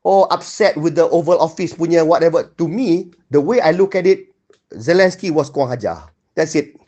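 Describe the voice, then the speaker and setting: A man's voice: a little high, a little fast, warm tone, highs cut off. A man with a Malaysian accent giving blunt, indignant solo political commentary, dropping Malay words into his English.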